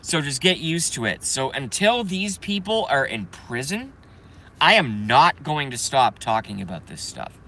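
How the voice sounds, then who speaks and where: A man hosting a live stream, ranting in a profane, heated way that swings between loud outbursts and muttering. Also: medium pitch, sing-song, unhurried. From Boston, Massachusetts.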